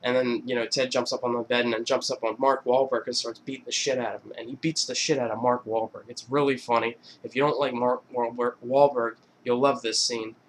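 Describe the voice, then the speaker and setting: A man's voice: mid-range voice, little pitch movement, brisk, few pauses, a little hiss or hum. A young man recapping funny movie scenes in a casual, rambling, profane vlog style. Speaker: vlogger.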